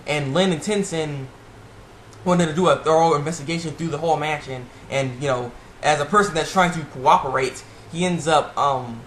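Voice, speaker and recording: A man casually recapping a TV episode, rambling and excitable, with lots of fillers and restarts. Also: on the high side, moderate pace. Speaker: TV episode reviewer. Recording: echoey room with faint background noise.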